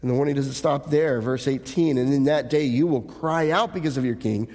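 A man's voice: medium pitch, a little fast, a little mellow. A male pastor preaches a sermon in an earnest way. He reads scripture aloud and poses rhetorical questions to the congregation. His voice rings out with a long hall reverb.

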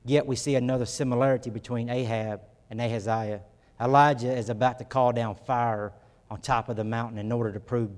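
A man preaching a sermon, earnest, with his voice lifting for emphasis. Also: medium pitch. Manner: earnest preaching, rises when acting out quotes. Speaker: pastor. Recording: long reverb of a hall.

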